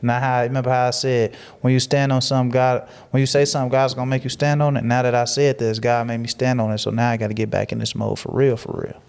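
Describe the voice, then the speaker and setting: This podcast guest has a medium-pitched, gravelly but clean-toned voice, talking fast with hardly any pauses. On the casual show he sounds preachy and motivational, repeating phrases for emphasis and growing animated through his stories.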